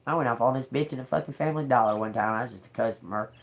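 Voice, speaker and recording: An older woman doing a live tarot reading, talking slowly and bluntly with swearing, repeating words as she reads the cards aloud. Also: very deep voice. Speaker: tarot reader.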